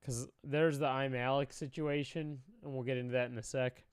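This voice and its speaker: A man's voice: medium pitch, fairly even intonation, moderate pace, clean tone, no echo, studio quality. A young man doing casual reaction commentary, talking emotionally, often sighing, swearing and trailing off. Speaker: commentary streamer.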